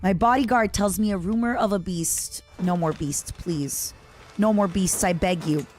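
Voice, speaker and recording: A woman's voice: medium pitch, unhurried, darkish tone, soft background music. A young adult woman streaming a strategy game, chatting casually and reacting dramatically to events and her chat. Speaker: VTuber streamer. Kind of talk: casual gameplay commentary.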